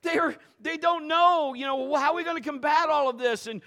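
A middle-aged man preaching a sermon as a pastor, telling a story and swinging from low murmurs to loud outbursts. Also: fairly quick, hardly any pauses.

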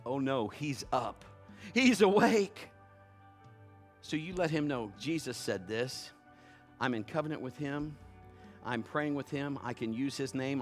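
A middle-aged man preaching a sermon, swinging between hushed tones and loud bursts as he acts out conversations. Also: medium pitch.

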